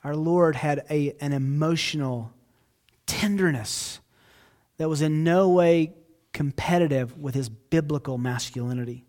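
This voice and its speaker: A man with a somewhat high voice delivers a sermon as a pastor, earnest and conversational. He turns to his listeners with asides and moves between hushed, quiet stretches and sudden loud, emphatic bursts. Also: unhurried. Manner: dynamic, swings from hushed to loud outbursts.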